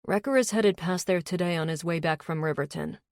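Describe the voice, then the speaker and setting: Woman reading calm easygoing biker guy, matter-of-fact, dry audiobook. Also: on the low side, a little fast, no echo, close to an everyday voice.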